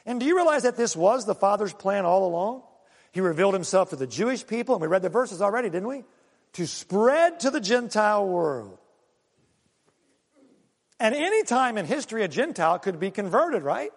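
A man preaching a sermon, animated and full of rhetorical questions and acted-out asides to the congregation. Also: sits high, moderate pace, long reverb tail. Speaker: pastor.

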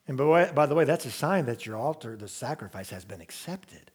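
A man's voice: on the high side, very animated, normal speed, few pauses, a bit bright, breathy edge. A man preaching a sermon in a conversational, humorous storytelling way, full of asides and questions to the congregation.

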